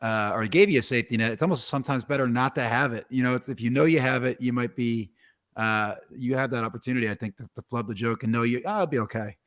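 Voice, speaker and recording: Fast-talking male podcast host. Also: medium pitch, fairly bright tone. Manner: rambling, filler-heavy. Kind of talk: casual podcast chat.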